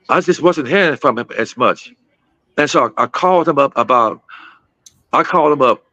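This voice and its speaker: A man's voice: mid-range voice, bright, forceful tone, no echo, muffled recording. A man in his fifties from Gary, Indiana, telling a personal story in a casual, repetitive way, often calling his listeners guys. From Gary, Indiana, USA. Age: 50s. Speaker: guest speaker.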